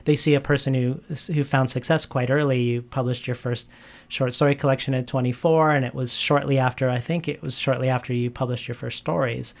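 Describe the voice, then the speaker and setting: Gravelly male interviewer, hesitant. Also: medium pitch, steady tone, a little fast. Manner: hesitant, with many restarts and fillers. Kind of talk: interview questions.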